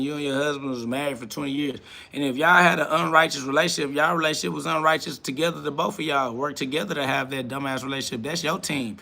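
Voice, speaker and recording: A man's voice: a little high, vocal fry, sharp tone. A man hosting a live stream, ranting combatively and profanely while answering chat comments.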